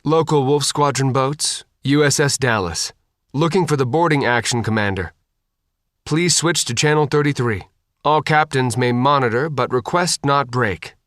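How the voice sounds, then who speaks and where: A man's voice: medium pitch, moderate pace, a bit bright, no echo, studio quality, natural voice. A man reading an audiobook voices a naval submarine officer speaking in clipped, formal radio talk.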